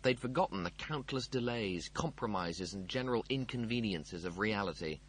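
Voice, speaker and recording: Male narrator, audiobook reading, wry comic delivery, lowish voice, very lively intonation. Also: moderate pace, husky. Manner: wry, expressive comic storytelling. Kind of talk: scripted narration.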